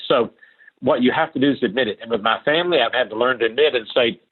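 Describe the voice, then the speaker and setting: A man's voice: mid-range voice, fast, breathy edge, phone-quality sound. An older man from Appalachia, a guest answering interview questions in an earnest, emphatic way that repeats key phrases.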